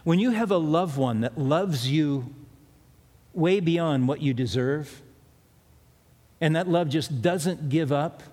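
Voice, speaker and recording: A man's voice: on the high side, slow pace, long pauses, darkish tone. A middle-aged man preaching a sermon as pastor, retelling scripture in a conversational storytelling way with personal asides. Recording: echoey hall with long reverb.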